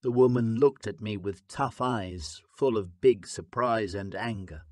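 Slow, dry-voiced male audiobook narrator. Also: on the low side, a little mellow, no echo. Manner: measured, clearly paced reading.

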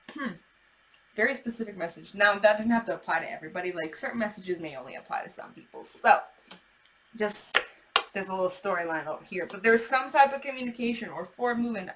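A woman's voice: mid-range voice, moderate pace, low-quality recording. Chatty woman reading tarot cards. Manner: chatty, animated, swearing, acting out imagined replies. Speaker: tarot reader.

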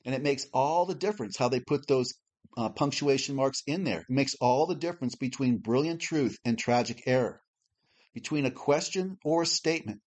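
A mid-range male voice delivers a prepared Bible lesson to a class, explaining things at a measured pace and slowly spelling out letters.

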